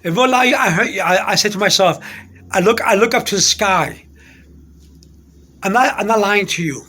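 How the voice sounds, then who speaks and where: A man telling a personal faith story in a rambling, halting way, repeating himself and restarting often. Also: sits high, animated, bright, forceful tone, breathy edge.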